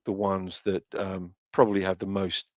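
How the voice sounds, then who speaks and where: A man's voice: low voice, flat delivery, moderate pace, a little hiss or hum. A man from the United Kingdom, a guest on a casual podcast, talking hesitantly with many fillers.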